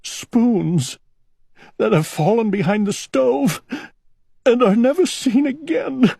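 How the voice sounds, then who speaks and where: A man voicing a fretful, gentle male owl in a storybook reading, talking in an anxious, earnest, childlike way. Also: very high-pitched, slow pace, gravelly, slightly rough, no echo, clean studio sound, voice pushed up, full character voice. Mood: sobbing.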